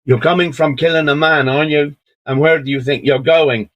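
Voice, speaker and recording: A man's voice: fairly high pitch, fairly even intonation, a little fast, lo-fi sound, voice pushed up, natural voice. A man voicing a young British soldier on a night patrol, questioning someone with suspicion. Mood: suspicious.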